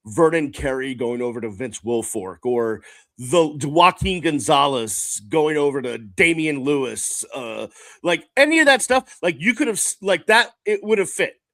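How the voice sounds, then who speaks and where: A man hosting a sports podcast, talking in a casual, measured, reflective way with frequent fillers. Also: medium pitch, fairly bright tone, dry recording. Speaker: podcast host.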